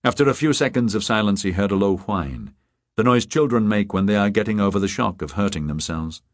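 A man reads a crime audiobook in a measured, steady way. His voice is low and unhurried. The recording is dry and close, with no room sound. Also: dry recording. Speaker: audiobook narrator. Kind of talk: scripted narration.

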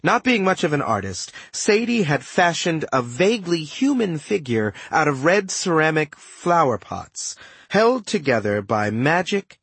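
A male narrator tells a first-person adventure story with an animated, swinging delivery and dry humor. His voice has a slightly husky grain. The recording is close and dead, with no room echo. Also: on the high side. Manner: lively storytelling with wry asides. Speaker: audiobook narrator.

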